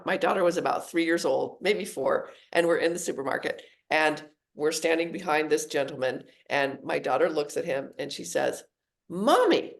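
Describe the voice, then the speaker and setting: A middle-aged woman, a psychologist and author, talking as a podcast guest and telling stories in an animated way. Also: deep voice, vocal fry. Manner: storytelling, animated voicing of quoted people. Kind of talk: podcast interview.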